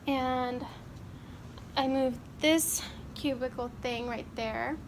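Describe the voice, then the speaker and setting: Young teacher lady vlogging on her phone, high voice, rambly and chatty, bit of faint noise behind. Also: steady tone, takes it slowly, poor audio. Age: 20s. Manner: chatty and rambling, with fillers and self-corrections. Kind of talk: casual vlog chat. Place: classroom and car.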